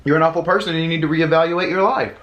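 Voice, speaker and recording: A man's voice: a little high, very fast, muffled recording. Chatty Southern man ranting. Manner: animated, indignant ranting with many fillers. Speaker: podcast co-host. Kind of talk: casual chat. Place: home, eating at table.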